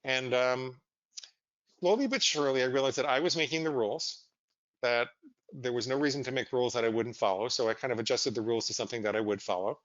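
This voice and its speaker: A man, a psychologist guest on an interview, telling his story in a candid, animated and self-deprecating way. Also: medium pitch, fast talker, dry recording, dull audio.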